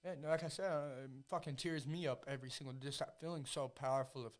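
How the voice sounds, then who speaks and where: A man's voice: fairly high pitch, fairly even intonation, quick pace. A man who fights for a living talking as a podcast guest in casual chat, emotional and profane, often repeating himself.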